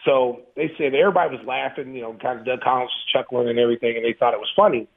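A man in his fifties, a former pro basketball player, telling profane, animated stories in an interview with frequent laughs over a phone-like line. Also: medium pitch, very fast, creaky. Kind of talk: casual storytelling interview.

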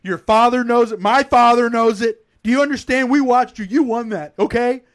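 A man voicing a stern middle-aged father, talking loudly and with heavy emphasis. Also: very high voice, normal speed, pitched above the performer's own voice. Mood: insistent. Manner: loud and emphatic.

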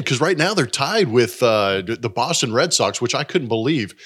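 A man with a medium-pitched voice co-hosts a sports podcast. He talks in a chatty, excited, casual way. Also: moderate pace, slightly rough. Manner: excited, chatty, laughs easily.

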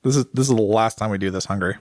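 A man's voice: on the low side, rapid-fire, darkish tone, dry recording. Jokey podcast guy with a dry mic. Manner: laughs often, jokey. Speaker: podcast co-host. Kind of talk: casual chat.

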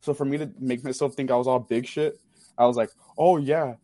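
A young man, telling a rowdy story on a talk show, swearing freely and talking fast. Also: mid-range voice, no room sound. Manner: profane, animated storyteller. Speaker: caller sharing a story. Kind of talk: casual storytelling.

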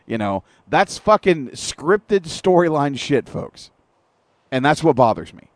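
A man's voice: on the high side, big pitch swings, slow, no room sound. A man co-hosting an internet radio show, ranting in casual, profane wrestling talk with long detailed recaps. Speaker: podcast co-host.

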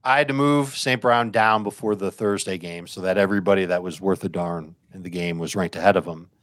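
A man discussing fantasy football picks in casual chat, thinking his opinions through out loud. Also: low-pitched, brisk, dry recording, clean studio sound.

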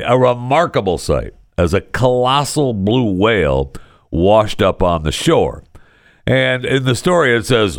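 A man hosting a podcast, telling news stories in casual solo commentary with a sarcastic, animated manner. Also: dry recording, studio quality. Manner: sarcastic, animated storytelling with big pitch jumps. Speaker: podcast host.

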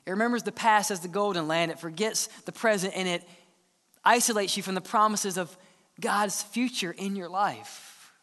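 A man preaching a sermon as the church's pastor, earnest, sometimes dropping to a hushed tone to press a point. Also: sits high, moderate pace. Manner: earnest preaching, drops to hushed tones for emphasis. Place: church sanctuary. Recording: long church hall reverb.

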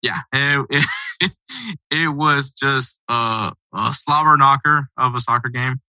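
A man's voice: medium pitch, slow, bright, forceful tone, no room sound, poor audio. A man hosting a casual sports podcast, talking in a loose, rambling, conversational way. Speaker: podcast host.

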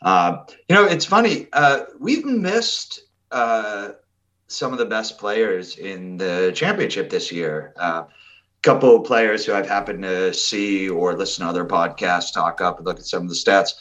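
Casual podcast co-host, man with a very low voice, rambling delivery, dull lo-fi audio. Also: lively intonation, measured pace, a bit bright. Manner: rambling, many fillers and restarts. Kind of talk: casual football podcast chat.

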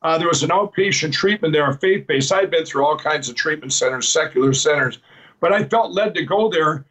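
A man with a notably high voice tells his life story as an interview guest. He rambles earnestly, retelling old conversations line by line with a string of "I said"s, and now and then laughs at himself. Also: brisk, a bit bright, poor audio. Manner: rambling, repeats "I said" while retelling dialogue. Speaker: guest telling his testimony. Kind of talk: personal storytelling.

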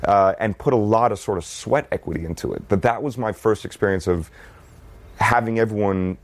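A man's voice: fairly low pitch, brisk. A man talking as a guest in a casual interview, easygoing and rambling, with frequent restarts. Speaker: actor guest.

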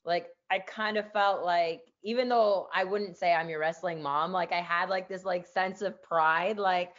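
A woman's voice: lowish voice, steady tone, moderate pace, highs cut off. A woman hosting a podcast in casual interview chat, chatty and full of "like". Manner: chatty, peppers speech with "like". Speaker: podcast host, former wrestler.

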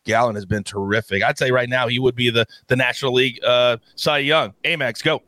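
A man hosting a sports betting show with energetic, playful hype and big swings in his delivery. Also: medium pitch, fairly quick, dry recording. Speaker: host.

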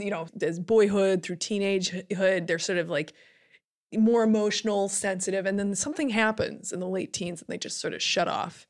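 A woman hosting a casual film podcast discussion, relaxed and conversational, quick to laugh. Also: mid-range voice.

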